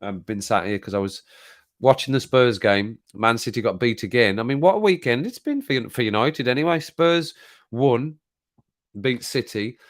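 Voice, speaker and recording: A man's voice: medium pitch, animated, moderate pace. A British man hosting a casual live-stream chat from home, rambling and laughing, often repeating himself. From Britain. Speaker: YouTube channel host. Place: home, sitting at desk.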